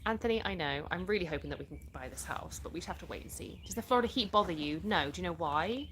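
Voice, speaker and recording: A woman's voice: fairly low pitch, expressive, quick pace, a bit bright, slight background noise. Chatty British woman on a live stream. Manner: chatty, laughs often, answers viewers' questions. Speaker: livestream host. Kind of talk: casual live chat reading comments.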